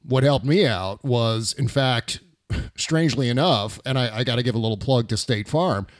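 A man's voice: mid-range voice, normal speed. A middle-aged man hosting a casual political chat, reflective and laughing often.

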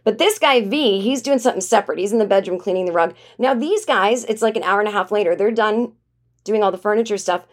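A woman comedian hosting a podcast, telling a casual, animated story from her home office in a chatty way, full of "like"s. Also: medium pitch, quick pace. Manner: chatty and animated, acts out quoted voices, many "like"s.

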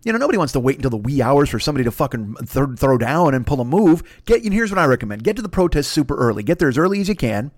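A middle-aged man hosting a podcast, telling stories in a crude, swearing, animated comedic rant. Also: medium pitch, very fast, few pauses, no room sound. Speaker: podcast host.

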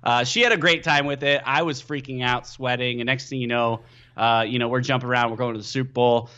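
A man's voice: mid-range voice, a little fast, smooth. Guy guesting on a sports podcast, gets all worked up telling the story, kinda dull muffled audio. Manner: excitable, animated storytelling with many fillers. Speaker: podcast guest, team analyst. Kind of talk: casual sports podcast chat.

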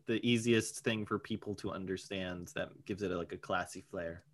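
A man, co-hosting a casual podcast, rambling and joking with quick asides. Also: low-pitched, fairly even intonation, a crowd in the background. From Boston area. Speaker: podcast co-host.

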